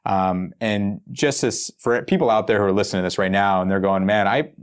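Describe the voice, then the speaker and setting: Deep-voiced man hosting an interview. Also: fairly even intonation, brisk, clear, resonant tone. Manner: eager, complimentary interviewer. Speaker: podcast host. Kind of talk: interview, casual chat.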